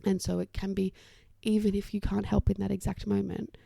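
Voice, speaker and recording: A young woman talks through parenting strategies on her solo podcast. Her voice is deep-toned and mellow with a gravelly edge, and it sounds dry and close. She is chatty and reassuring and often drops to a soft whisper. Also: little pitch movement, fairly quick, dry recording. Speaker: occupational therapist podcast host.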